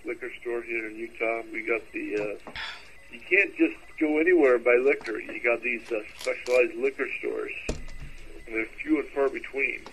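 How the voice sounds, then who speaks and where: A man's voice: medium pitch, normal speed, a bit bright, slight background noise, poor audio. Drunk man rambling in a phone message. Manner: rambling, loses his train of thought. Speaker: caller leaving a voice message.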